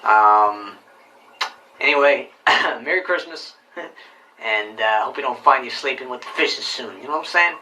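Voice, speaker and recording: A man recording a video shout-out in a put-on mafia tough-guy voice, halting with many ums. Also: medium pitch, animated, far from the mic, slight background noise, rough recording. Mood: mock tough. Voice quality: halting, ums between lines.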